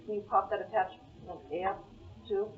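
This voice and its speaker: A woman's voice: medium pitch, level tone, normal speed. A woman presenting at a school board meeting, explaining a document on screen step by step. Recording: distant, dull meeting-room recording.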